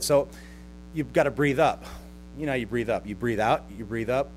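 A man's voice: mid-range voice, moderate pace, soft background music. Chuckling man preaching a sermon. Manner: conversational, with mocking sarcastic impressions and chuckles. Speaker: pastor. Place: church service with a live congregation.

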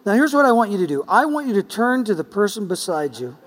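A man's voice: sits high, big pitch swings, fast talker, a bit bright. A man preaching a sermon in a church sanctuary, telling a story in a playful, chatty way. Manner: playful, chatty, with quoted dialogue. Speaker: pastor. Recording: long church-hall reverb.

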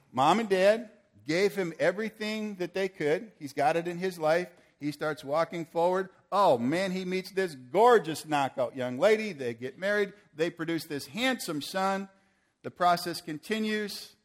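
A man preaching a sermon, swinging from forceful declarations to playful banter with volunteers he calls on stage. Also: high voice. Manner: rises to forceful proclamations, then playful and joking with volunteers. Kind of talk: sermon with live audience demonstration.

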